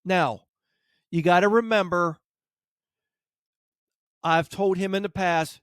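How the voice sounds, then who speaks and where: A man's voice: high voice, a little slow, pauses often, no echo, studio quality. A man who trains dogs, hosting a podcast and telling a casual story, acting out what people said. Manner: animated anecdote, acts out quotes. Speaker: dog trainer, podcast host.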